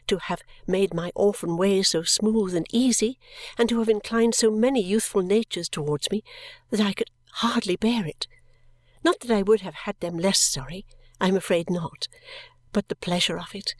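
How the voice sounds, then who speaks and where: A woman narrating a classic novel as an audiobook, with a tender, emotive reading and soft whispered touches. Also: medium pitch, no echo, clean studio sound.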